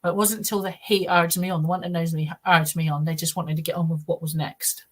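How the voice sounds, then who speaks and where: Earnest, halting woman, low voice. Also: level tone. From United Kingdom. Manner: earnest, halting storytelling with frequent restarts. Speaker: guest. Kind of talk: first-person account in a podcast interview.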